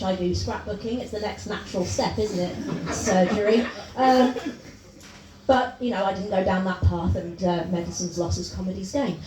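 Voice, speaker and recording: A woman doing a stand-up comedy set in a pub, chatty and self-mocking, with quick asides. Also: medium pitch, background noise. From Wales. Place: pub comedy gig with a live audience. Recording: roomy live mic from a distance, audience laughter.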